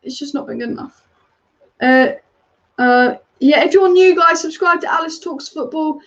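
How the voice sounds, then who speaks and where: A woman's voice: high voice, lo-fi sound. A woman hosting a live football watch-along stream, chatty and opinionated, reacting to the match and reading viewer comments. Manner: chatty, opinionated, rapid-fire. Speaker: football fan channel host.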